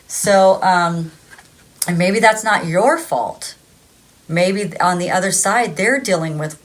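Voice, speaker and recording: A woman's voice: medium pitch, animated, moderate pace. A woman in her thirties giving a casual tarot reading, chatty and rambling, often laughing. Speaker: tarot reader.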